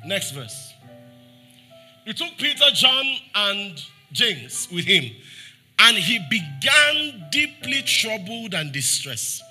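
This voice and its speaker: A Nigerian pastor preaches slowly, his slightly rough voice swinging widely in pitch over soft background music. He fires rhetorical questions at the congregation and acts out scripture quotes, dropping soft and low for pleading lines.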